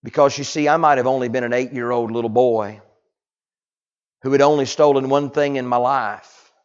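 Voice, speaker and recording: Predicatore del Sud degli Stati Uniti, tono alla buona, tra sussurri e grida, voce media, registrazione spenta. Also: male voice, medium pitch, fairly even intonation, normal speed, lo-fi sound. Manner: folksy, swings from hushed to loud cries. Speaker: pastor. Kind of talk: sermon.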